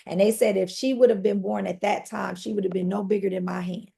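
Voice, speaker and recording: A woman's voice: medium pitch, fairly even intonation, a little fast, creaky, dark tone. A woman guest on a podcast, earnestly telling her own life story and speaking straight to the listeners. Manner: earnest, addresses listeners directly. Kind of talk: personal testimony storytelling.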